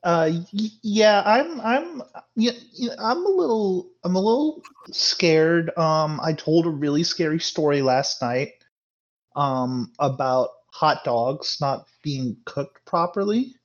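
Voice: medium pitch, animated, takes it slowly, lo-fi sound. A player in a tabletop role-playing game, hesitant and stammering, chuckling between answers.

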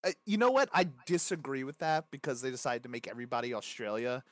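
Casual podcast co-host, male, mid-pitched, dry close sound, animated and profane. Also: fast, dry recording. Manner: animated, swearing, rambling with fillers. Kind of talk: casual gaming chat.

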